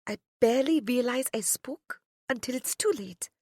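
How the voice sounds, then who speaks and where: A soft-spoken woman narrating a first-person romance audiobook, often dropping to a whisper. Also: on the high side, moderate pace, dry recording, clean studio sound.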